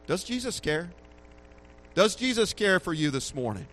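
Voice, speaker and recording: A man preaching a sermon who slows down to stress key phrases, rises to loud peaks and drops to a murmur at the ends of lines. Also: high voice, big pitch swings, slight background noise.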